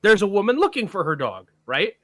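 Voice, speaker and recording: A man with a high-pitched voice talks a little quickly, with no room sound, as he co-hosts a film podcast. In casual conversation he tells a long anecdote with animation, acting out the voices of the people he quotes.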